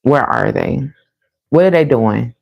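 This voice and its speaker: Low-voiced chatty woman reading tarot. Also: a little slow, creaky, lo-fi sound. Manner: chatty, animated, laughs often, addresses viewers as y'all. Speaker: tarot reader. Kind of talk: casual tarot reading to viewers.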